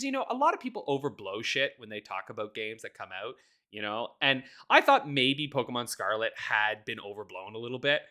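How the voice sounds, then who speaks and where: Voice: medium pitch, sharp tone. A podcast co-host in casual chat, ranting with heavy profanity and laughing often while talking.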